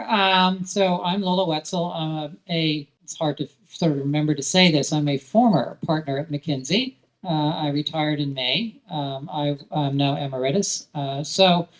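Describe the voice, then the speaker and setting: A woman in her sixties speaking as a guest at a live interview, relaxed and reflective, with many pauses and fillers. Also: sits low, low-quality recording. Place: event venue with live audience.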